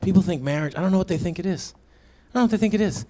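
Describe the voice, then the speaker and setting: A man in his thirties doing a stand-up comedy set on stage, telling stories with bursts of acted voices. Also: rapid-fire. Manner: animated storytelling with sudden high-pitched acted quotes. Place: comedy stage before a live audience.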